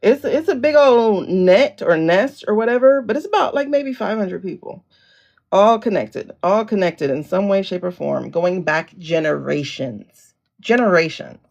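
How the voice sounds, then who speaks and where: A woman's voice: mid-range voice, expressive, a little slow, creaky, darkish tone. A woman hosting a casual livestream, chatting with viewers and greeting them by name. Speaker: livestream host. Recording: lo-fi downloaded livestream audio.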